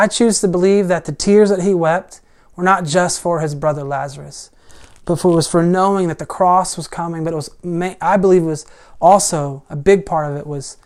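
A preacher giving a conversational sermon. They retell a story in plain, everyday words, using frequent "like" and "I mean", and get louder on the key points. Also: mid-range voice.

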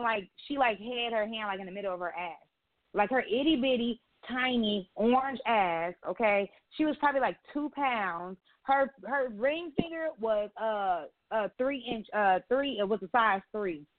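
A woman's voice: a little high, normal speed, no room sound. A woman co-hosting a podcast, telling stories in a blunt, profane, casual way. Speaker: podcast co-host. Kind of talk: casual chat. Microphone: phone call. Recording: tinny phone-line sound.

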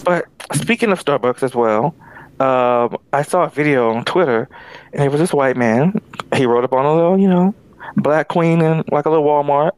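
A young man co-hosting a podcast, an animated storyteller with sassy asides in casual chat. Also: on the high side, normal speed, clear, resonant tone. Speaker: podcast co-host.

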